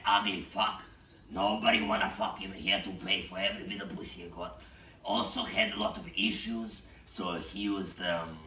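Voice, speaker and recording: A deep-voiced man rambles through a crude comic tale, swearing freely and swinging his pitch all over. His voice is gravelly and heard from off mic in an echoey room. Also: distant mic, slight background noise. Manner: profane, rambling, animated. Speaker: storyteller.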